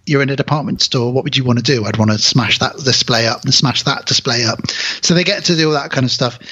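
A man's voice: medium pitch, fast, husky, dull audio. A man guesting on a movie podcast, chatting casually and acting out lines from the film. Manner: animated, acts out lines from the movie.

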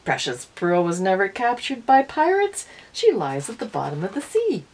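Woman doing a storybook villain count: sneering, husky. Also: medium pitch, wildly swooping pitch, normal speed, a little mellow. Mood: blustering. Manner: sneering, blustering. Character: scheming, blustering male villain count.

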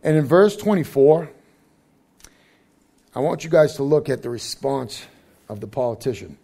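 A man's voice: medium pitch, lively intonation, moderate pace, creaky, mellow. A young adult man preaching a sermon as pastor, conversational and joking, with frequent asides.

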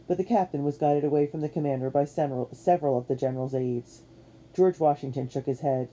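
A woman giving a measured, expressive narration of a children's storybook. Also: sits low. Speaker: audiobook narrator.

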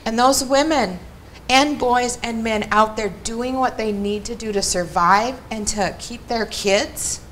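A woman's voice: medium pitch, fairly bright tone, slight background noise. A woman presenting at a community workshop, speaking earnestly and emphatically to a live audience and often checking in with "right?". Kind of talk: impassioned public talk. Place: meeting room with a live audience. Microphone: microphone.

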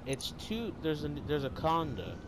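A young man chatting casually while gaming, excitable, joking and taunting his friends. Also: fairly high pitch, unhurried. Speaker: gamer. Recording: voice chat over loud game noise.

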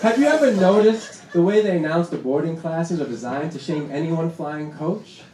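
A young man doing a stand-up set on a comedy club stage, punchy and deadpan, with laughter behind him. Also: a little high, moderate pace. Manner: punchy deadpan delivery with acted-out quotes. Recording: roomy club sound with noise. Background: audience laughter.

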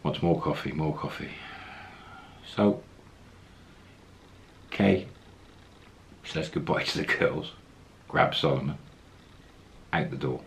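Very deep-voiced man telling a story. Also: slow, vocal fry, pauses often, a little hiss or hum. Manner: anecdotal, acts out quoted lines, chuckles. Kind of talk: casual storytelling.

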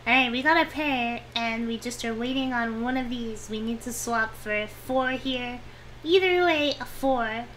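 A woman's voice: fairly high pitch, unhurried, fairly bright tone, slight background noise. A young woman streaming a game, chatting to herself about her moves in a whiny, pleading way. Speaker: VTuber streamer. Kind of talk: casual game-stream commentary.

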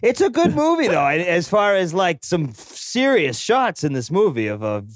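Male podcast co-host, animated rambling talker, swears, dry close sound. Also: sits high, normal speed, no echo. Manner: rambling, laughs often, swears freely. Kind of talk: casual chat.

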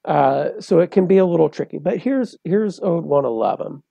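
A man's voice: a little high, lively intonation, moderate pace, gravelly, mellow, no room sound, dull audio. A man, a poet and translator, explaining things step by step in a professorial way as a guest in an interview. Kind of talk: interview conversation.

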